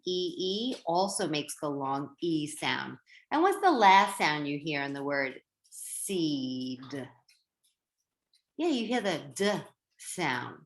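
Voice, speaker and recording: A woman teacher giving a reading lesson to young children, slow and sing-song, stretching out words. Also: deep voice. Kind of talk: early-grade reading lesson. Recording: roomy echo.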